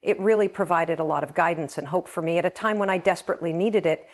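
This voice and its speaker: A middle-aged woman hosts a podcast in an earnest, heartfelt monologue. Her voice sits a little low for a woman, and she speaks with open feeling. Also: fast talker. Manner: earnest, emotional, reads passages aloud. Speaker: podcast host.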